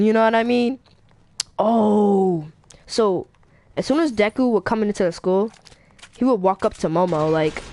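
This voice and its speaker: A woman tells a made-up fan story in loose, slangy chat, rambling and restarting as she goes. Her voice sits at a middle pitch. A faint hiss runs underneath. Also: darkish tone. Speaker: YouTuber. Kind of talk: casual fan-fiction storytelling.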